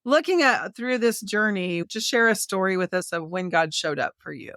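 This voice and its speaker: A woman hosts a faith-centered podcast interview and asks her questions slowly and affirmingly. Her voice is smooth and clear at a middle pitch, and the recording sounds dry and close. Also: animated, fairly bright tone, dry recording. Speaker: podcast host. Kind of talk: interview hosting.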